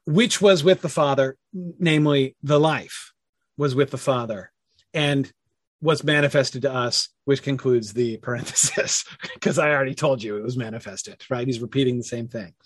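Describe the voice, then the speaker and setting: A man's voice: mid-range voice, moderate pace, husky, no room sound. A man leading a casual online Bible study, thinking aloud with many fillers and self-corrections and answering chat comments.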